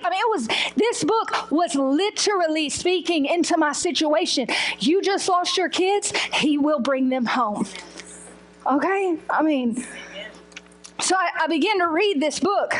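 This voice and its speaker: A young woman giving a sermon testimony, telling her story expressively and acting out the voices. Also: high-pitched. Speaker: guest speaker giving testimony.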